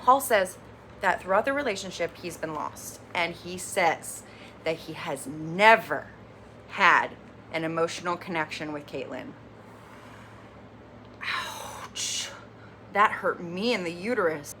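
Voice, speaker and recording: A woman hosting a casual TV recap vlog, animated and opinionated, with lively, candid commentary. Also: fairly low pitch, normal speed, a little hiss or hum. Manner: animated, opinionated, acts out quotes. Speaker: recap reviewer, channel host.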